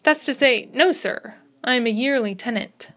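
A woman's voice: a little high, normal speed, fairly bright tone, close to an everyday voice. A woman reading aloud as a timid, anxious husband who speaks eagerly and deferentially.

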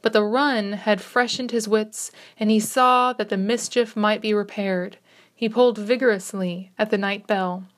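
A woman narrating a classic short story as an audiobook reader, in a measured, expressive reading. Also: medium pitch.

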